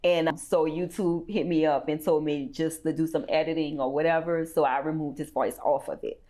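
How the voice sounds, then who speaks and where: A woman's voice: sits low, fairly even intonation, moderate pace, warm tone. A woman guest recounting a painful personal story in a rambling, candid way, full of "you know" fillers and blunt profanity. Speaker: interview guest.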